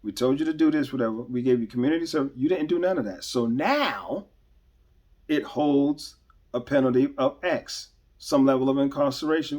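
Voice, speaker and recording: A man's voice: medium pitch, moderate pace, a little mellow, lo-fi sound. Emphatic man giving earnest commentary. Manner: earnest and emphatic, stresses key words with repeated restarts. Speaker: podcast host. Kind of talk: unscripted commentary monologue.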